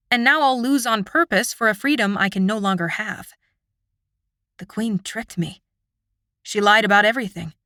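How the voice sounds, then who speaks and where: A woman's voice: medium pitch, fairly bright tone, dry recording, clean studio sound. Woman narrating a fantasy audiobook. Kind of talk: scripted first-person narration.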